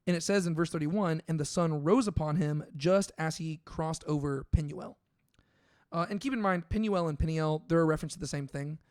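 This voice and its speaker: A man's voice: fairly high pitch, fairly quick, a little mellow, no room sound, clean studio sound. Chatty man with a light, slightly raised voice. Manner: thinks aloud with many fillers and restarts. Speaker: podcast co-host. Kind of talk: casual Bible discussion.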